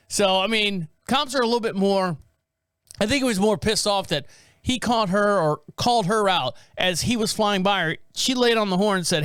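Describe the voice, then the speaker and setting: A man's voice: high-pitched, a little fast, clear, resonant tone, no echo, studio quality. A man hosting a podcast, rambling in casual commentary about viral videos and acting out what people said. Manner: rambling, animated, acts out quotes. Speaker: podcast host.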